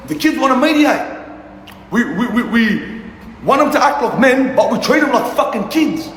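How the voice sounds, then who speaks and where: A man's voice: very high voice, lively intonation, moderate pace, fairly bright tone. A young man, a youth mentor, ranting on a casual livestream in a passionate, profane and repetitive way. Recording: echoey room with long reverb, faint noise.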